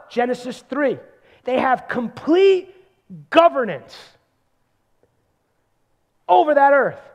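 A man preaching a sermon, emphatic, repeating words for stress and swinging between loud bursts and hushed asides. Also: very high-pitched, lo-fi sound.

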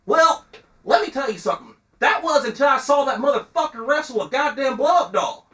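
A man voicing a hot-tempered old-school wrestling reviewer with a crisp Kentucky drawl who launches into profane rants. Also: very high voice, lively intonation, fairly quick, a bit bright, voice pushed up. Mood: enraged. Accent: Kentucky Southern drawl. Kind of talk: podcast character voice.

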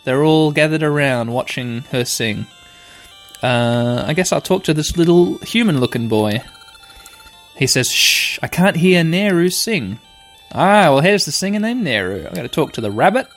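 A young man playing a video game, playfully and excitably narrating what happens and reading the text aloud. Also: mid-range voice, normal speed. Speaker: game player. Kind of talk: let's play commentary. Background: faint game music.

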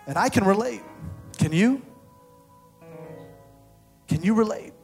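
A man preaching, his voice sitting a little high for a man. He shifts between loud, excited reading and hushed, intimate appeals, with joking asides along the way. Soft music plays underneath. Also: normal speed, pauses often, breathy edge. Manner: playful asides with laughter. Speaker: pastor. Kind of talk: sermon.

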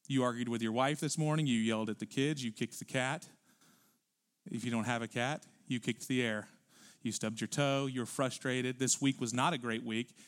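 This is a man preaching in a church sanctuary. His sermon is animated, surging to loud, forceful high points before sinking into hushed, low-voiced asides.

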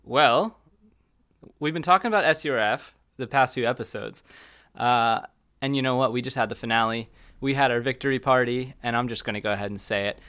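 Smooth-voiced male podcast co-host. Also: medium pitch, brisk, sharp tone. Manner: upbeat, announces show news and plugs. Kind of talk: casual chat.

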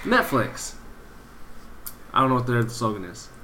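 Man, casual podcast talk, swears often, animated storytelling, bright forceful tone, faint noise behind. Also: mid-range voice, a little slow. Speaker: podcast co-host, teacher. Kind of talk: casual chat.

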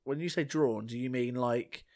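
A man co-hosting a casual podcast chat, talking animatedly and restarting his sentences as he gets excited. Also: medium pitch, normal speed. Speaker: podcast co-host.

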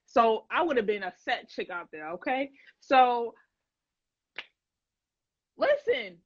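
A woman's voice: fairly high pitch, animated, normal speed, no room sound. A young woman hosting a livestream, chatting casually and animatedly with viewers in slangy talk, laughing often. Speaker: livestream host. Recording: dull lo-fi dry sound.

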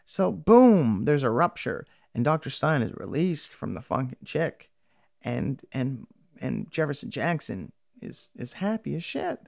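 A man's voice: mid-range voice, big pitch swings, a little slow, creaky, darkish tone, no room sound. A man casually recapping a TV episode, rambling and swearing freely as he acts out lines from the characters.

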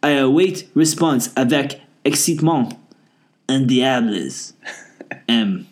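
A man voicing a pompous male French letter writer in a fake French accent, reading slowly. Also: medium pitch, expressive. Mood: mock pompous.

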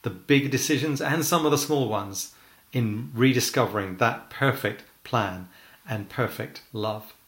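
A man's voice: medium pitch, a bit bright. Earnest middle-aged man preaching, echoey room. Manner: earnest, measured, with slow emphatic phrases. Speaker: church leader. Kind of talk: testimony sermon. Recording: roomy echo.

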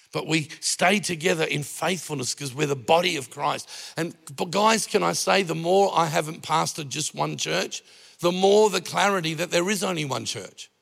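A man's voice: fairly high pitch, creaky, fairly bright tone, long reverb tail. A middle-aged man preaching a sermon as pastor, talking in a conversational way with jokes and anecdotes.

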